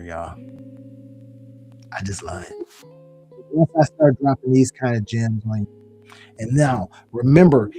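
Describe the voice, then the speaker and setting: A man runs a live screen-share tutorial on online business, animated and folksy, calling his viewers y'all. His voice is medium-pitched with a breathy edge.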